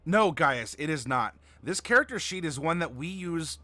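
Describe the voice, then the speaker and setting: A man's voice: fairly high pitch, animated, moderate pace, pushed and bright, no echo. Chatty man hosting a game stream. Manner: chatty, reads viewer chat aloud. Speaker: game master and stream host. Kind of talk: casual livestream chat.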